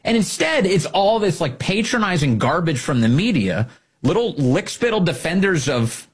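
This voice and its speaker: A man's voice: sits high, very animated, normal speed, breathy edge. A man hosting a political commentary show, ranting in a sarcastic, heated manner. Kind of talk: opinion show monologue.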